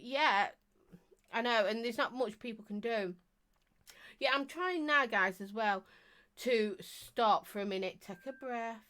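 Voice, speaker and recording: A woman's voice: medium pitch, fairly bright tone. A middle-aged woman, chatting on a live stream as she reads out viewer comments, teasing and talking non-stop with bursts of laughter. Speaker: vape reviewer and live streamer.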